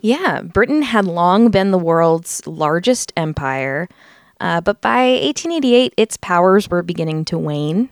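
A lowish, expressive female voice moves a little slowly through a dry, clean studio recording. The American podcast host chats casually and explains facts, frequently using fillers.

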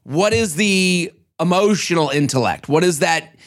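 A man co-hosting a podcast in casual chat, animated and swearing as he acts out quotes from a reality show. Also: a little high, unhurried. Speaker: podcast co-host.

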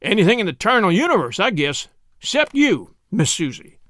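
A man's voice: sits high, sing-song, moderate pace, fairly bright tone, no echo, studio quality. A man voicing a wry old country cobbler who talks in a drawling rustic dialect and teases dryly. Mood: teasing.

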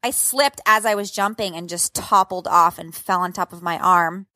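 A woman's voice: fairly low pitch, moderate pace, bright, forceful tone, no echo. A woman in her thirties telling a dramatic, profane story as a podcast co-host. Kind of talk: casual chat.

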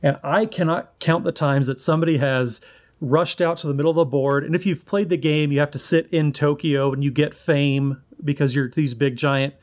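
A man co-hosting a podcast, giving relaxed, friendly advice. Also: a little high, normal speed. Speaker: podcast co-host. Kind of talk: casual chat.

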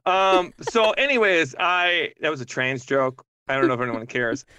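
A woman talking as a guest on a podcast, joking and animated, swearing freely in casual chat. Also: low voice, moderate pace, smooth, no echo.

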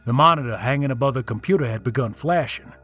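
A man's voice: medium pitch, fast, fairly bright tone, breathy edge, faint music behind. A man reading a first-person horror story as a scripted narration, telling it dramatically and swelling on the tense moments.

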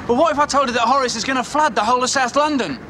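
A man's voice: very high voice, very fast. An actor playing an urgent man who presses an old ally to come back and fight, talking insistently in a parody film scene, with boat and water noise behind. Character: urgent man pleading for a political comeback.

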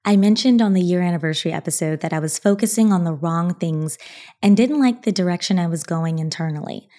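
A woman in her thirties hosting a podcast, telling a personal story in an earnest, reflective way, breaking into bright laughs. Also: on the low side, fairly quick. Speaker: podcast host.

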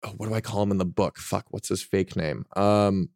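A man's voice: deep voice, steady tone, moderate pace, darkish tone, dry recording, studio quality. A man in his twenties telling candid, profane stories as a guest author on a casual podcast.

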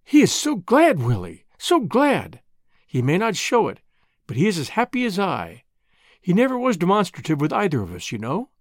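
A man voicing a devoted mother who speaks softly and gently, pleading and tender. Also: high voice, huge pitch swings, normal speed, dry recording, studio quality, heavily acted.

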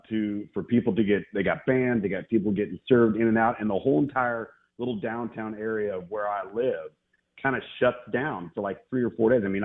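A man calling in as a college football analyst, telling stories casually and repeating himself for emphasis. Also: on the low side. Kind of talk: casual radio chat. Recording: phone-line guest call.

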